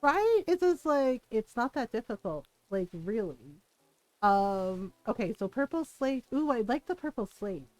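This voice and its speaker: A woman's voice: a little high, very animated, measured pace, a little mellow, no room sound, rough recording. A woman in her thirties streaming live, venting bluntly with lots of swearing. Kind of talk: casual livestream chat.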